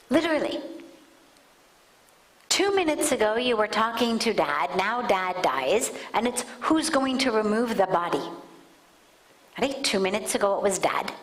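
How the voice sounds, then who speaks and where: A woman spiritual teacher giving a deliberate discourse in a satsang hall, often dropping to soft near-whispers. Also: medium pitch, animated. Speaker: spiritual teacher answering questions.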